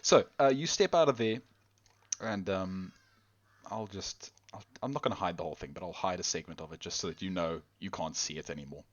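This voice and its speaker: A man's voice: deep voice, a little fast, dull audio. A man narrating a tabletop role-play game as game master, rambling and correcting himself. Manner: rambling, self-correcting, laughs often.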